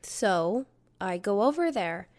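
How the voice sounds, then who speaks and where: Woman, 30s, podcast host, casual storytelling, profane, acts out quotes, slightly high voice. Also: expressive, normal speed.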